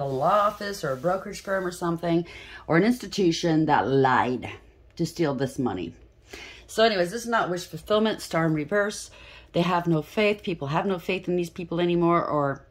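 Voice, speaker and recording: A woman giving a casual tarot reading, blunt and profane, with emphatic repetition. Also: sits low. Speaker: tarot reader.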